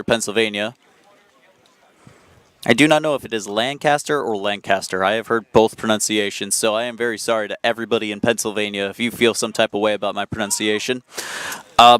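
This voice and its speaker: A man giving live soccer play-by-play commentary from an outdoor field, chatty and quick to correct himself. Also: medium pitch, a bit bright, clean tone, dry recording. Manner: chatty, self-correcting, apologetic asides.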